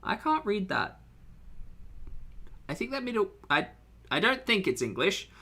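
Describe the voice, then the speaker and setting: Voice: mid-range voice, very animated, unhurried, bright, forceful tone. A reaction commentator with an Australian accent, talking casually with teasing, giggly asides.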